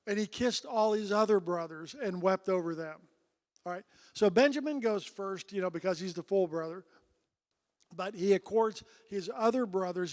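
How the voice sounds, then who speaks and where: Male pastor, high voice, chatty Bible teacher, reverberant church sanctuary. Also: a little mellow. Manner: conversational, frequent throat clearing, asides like "man" and "right?". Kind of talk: casual Bible study teaching, reading scripture aloud with comments.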